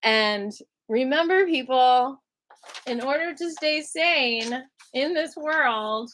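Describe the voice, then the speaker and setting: A woman's voice: takes it slowly, a little hiss or hum. A young woman telling a personal story to camera in an emotional vlog, acting out the voices of the people in it. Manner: animated, acts out other people's lines with big pitch jumps.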